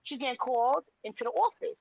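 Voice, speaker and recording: A woman with a high voice co-hosts a casual gossip chat. She retells stories by acting out each person's lines and keeps cutting in with "wait, wait". The recording sounds dull and lo-fi. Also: lively intonation, quick pace, creaky, a little mellow. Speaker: podcast co-host.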